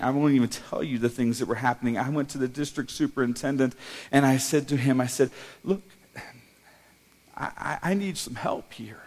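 A middle-aged man preaches, telling his own story of hardship. He speaks with emotion, stumbling and restarting often, at an everyday middle pitch. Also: a little mellow. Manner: emotional, halting, with repeated restarts. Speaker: pastor. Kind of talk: personal testimony sermon.

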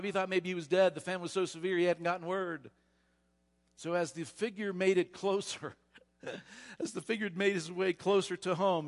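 A male pastor preaching a storytelling sermon, animated, often repeating words as he goes. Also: fairly high pitch, long reverb tail. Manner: animated retelling, frequent repetitions. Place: church sanctuary.

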